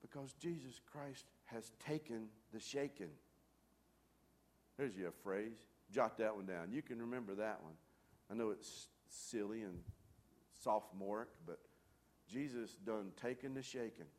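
A pastor preaching a sermon to his congregation with emphatic delivery, swinging from loud calls down to hushed near-whispers and asking the room direct questions. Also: on the low side, unhurried.

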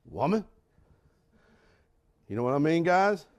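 Older male pastor, high-pitched and lively, slow deliberate sermon delivery with emphatic repetition. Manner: dramatic shifts from shouting to hushed whispers, with laughs; preaching slowly with emphatic repetition.

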